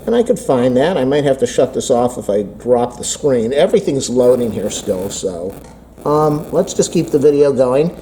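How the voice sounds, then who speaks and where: In this rambling tech vlog, a man talks to camera about a phone update, self-deprecating and half talking to himself. He's very animated, with a warm mid-range voice at normal speed, picked up in low quality by a camera mic across an indoor room with a little hiss or hum.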